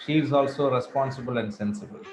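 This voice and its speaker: A man's voice: mid-range voice, slight background noise. Man narrating a moral, echoey room. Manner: measured storybook narration. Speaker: story narrator.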